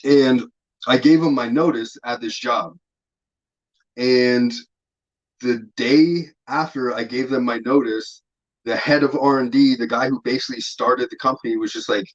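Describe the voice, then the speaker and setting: A relaxed man in a casual interview, cursing often and wandering through his stories with plenty of fillers. His voice sits at a medium pitch, and the audio is somewhat muffled and lo-fi. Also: normal speed. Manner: laid-back, profane, rambling with many fillers. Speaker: interview guest.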